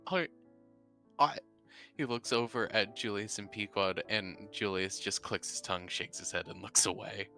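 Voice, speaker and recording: A man narrating his character's actions in a live tabletop role-play, with lively, descriptive telling and frequent restarts. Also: fairly low pitch, normal speed, soft background music. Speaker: player.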